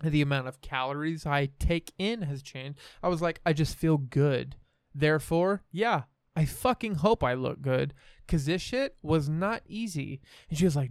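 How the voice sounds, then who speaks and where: A man's voice: on the high side, normal speed, creaky, clear, resonant tone, no room sound, clean studio sound. Profane, rambling young Midwestern man. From American Midwest. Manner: profane, rambling, self-assured. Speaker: podcast host. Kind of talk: casual storytelling chat.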